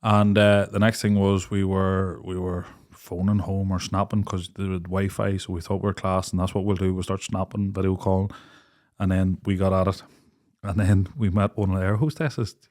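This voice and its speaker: With a deep voice at a moderate pace, a young man co-hosts a podcast and spins a story in relaxed conversation. He animates it by imitating the people involved, and he laughs a lot along the way.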